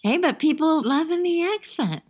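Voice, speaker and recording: A middle-aged woman hosting a podcast, chatty and quick to laugh in casual conversation. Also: high-pitched, animated, a little mellow. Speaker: podcast host. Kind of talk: casual chat.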